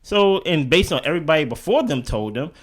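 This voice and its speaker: A man co-hosting a casual show recap, animated and joking, often asking "you get what I'm saying". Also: a little high, fairly quick. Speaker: co-host.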